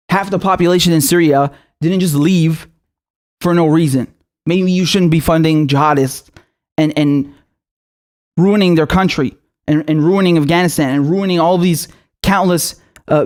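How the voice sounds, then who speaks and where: A young man hosting his own political commentary show, delivering a furious, profane and accusatory rant. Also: a little high.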